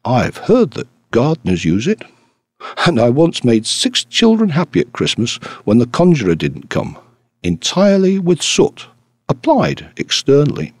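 A man voicing a mild, unassuming priest in an audiobook reading, speaking low and quietly witty. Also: huge pitch swings, moderate pace, breathy edge, no room sound.

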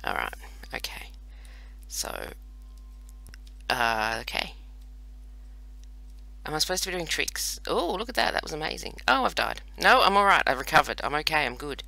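Aussie guy narrating his gameplay, jokey and self-deprecating, kinda raspy, bit high voice. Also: big pitch swings, normal speed, long pauses, bright, forceful tone. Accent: Australian. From Australia. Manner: chatty, self-mocking, playful running banter. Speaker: let's play host. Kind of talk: casual gameplay commentary.

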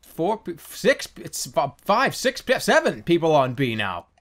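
A man giving loud, excitable gameplay commentary, yelping and swearing while desperate to pee. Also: on the high side, measured pace. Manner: excitable, yelps and swears, self-mocking. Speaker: gaming YouTuber.

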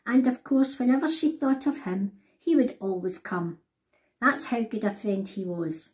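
A woman reads her children's picture book aloud, talking straight to the young listeners. Her voice is animated, swooping up and down with wide, lively pitch. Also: measured pace. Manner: animated, addresses children directly. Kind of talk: storybook read-aloud for children.

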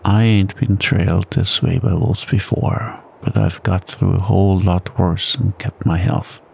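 A man's voice: sits low, steady tone, a little slow, creaky, darkish tone, a little hiss or hum, heavily acted. A man voicing an easygoing, wry frontier trail partner with a laconic, teasing backwoods drawl in a bedtime story reading.

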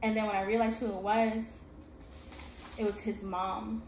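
In an echoey space filled with steady noise, a young woman tells her painful story as a vlogger, her mid-range voice moving a little slowly. She is earnest throughout and often pauses to ask the listener "okay?"

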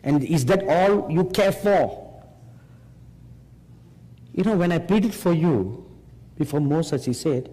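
Slow, emphatic preacher in a hall. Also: male voice, on the high side, dark tone. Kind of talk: sermon. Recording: long hall reverb.

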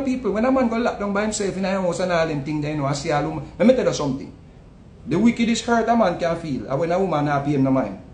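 A man with a Jamaican accent giving a casual, animated commentary, often repeating words and swinging between loud outbursts and low asides. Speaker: online commentator. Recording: echoey room with faint rumble.

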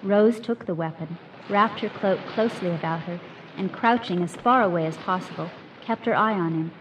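A woman's voice: lowish voice, highs cut off. Woman reading a story over hiss. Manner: measured, expressive narration. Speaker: reader. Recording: noisy recording with hiss.

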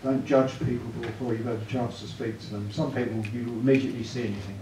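A man's voice: mid-range voice, fairly even intonation, quick pace. A man giving a church evangelism talk, chatty, often asking the room tag questions. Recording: echoey room, mic far off, clear noise.

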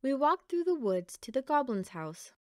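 A woman reading a children's picture book aloud in a gentle, expressive storytelling voice, close to the mic. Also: high voice, moderate pace, no echo. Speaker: storybook reader.

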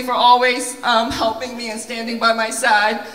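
A woman's voice: on the high side, little pitch movement, normal speed, noisy background. Choked-up woman speaking in an echoey hall. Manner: tearful, laughing between lines, reading from phone notes. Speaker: dance studio owner and teacher. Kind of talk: emotional speech at a recital. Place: large auditorium stage. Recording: echoey hall from far off with crowd.

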